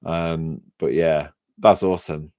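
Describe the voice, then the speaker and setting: A man with an English accent talks through a casual livestream in a deep, low voice. He wanders between stories, restarting sentences and laughing often. The sound is dry and close, with no room echo. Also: fairly even intonation, slow, darkish tone, smooth. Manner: rambling, laughs often, frequent restarts and fillers. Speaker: livestream host reading chat. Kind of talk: casual live-stream chat.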